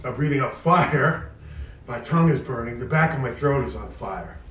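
A man's voice: mid-range voice, animated, normal speed, a bit bright, a little hiss or hum. Guy doing a spicy food challenge vlog, out of breath and bragging, echoey room, mic kinda far. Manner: strained and breathless after eating hot food, boastful. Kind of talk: casual talk to camera.

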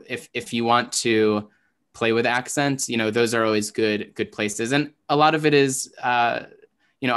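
A man's voice: lowish voice, fairly bright tone. A man from Michigan with a muted Michigan accent, explaining Hebrew pronunciation in a casual, chatty way with many ums and restarts over a video call. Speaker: Hebrew teacher.

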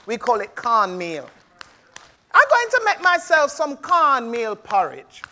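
A woman's voice: fairly high pitch, wildly swooping pitch, takes it slowly, pushed and bright, exaggerated voice. A woman voicing an old Jamaican woman with a Jamaican accent, chatty and shivering from the cold. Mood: chilly.

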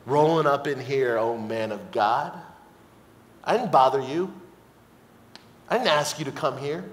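A man voicing a tough, defiant widowed woman with a brash New Jersey accent, talking rough and streetwise. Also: medium pitch, unhurried, pitched below the performer's own voice, lightly acted. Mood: bitter. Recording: long hall reverb, church sanctuary.

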